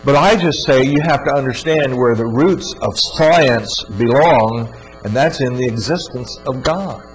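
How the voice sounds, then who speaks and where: A man's voice: medium pitch, a little slow, low-quality recording. A man giving an earnest, emphatic religious teaching talk, often repeating words for stress. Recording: faint mains hum.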